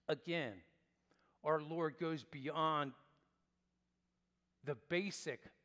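A pastor preaching a sermon, emphatic, with large swings in pitch and loudness. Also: male voice, in a large hall.

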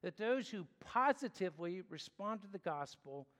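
A man's voice: high-pitched, lively intonation, fairly bright tone. Earnest preaching man in a reverberant hall. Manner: earnest, explanatory, measured pauses. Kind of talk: sermon.

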